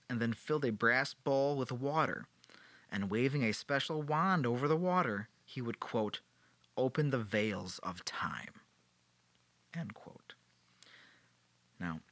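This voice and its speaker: A man's voice: mid-range voice, moderate pace, a bit bright, no echo. A man hosting a podcast, telling a history story in a casual, playful way with sarcastic joking asides. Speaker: podcast host.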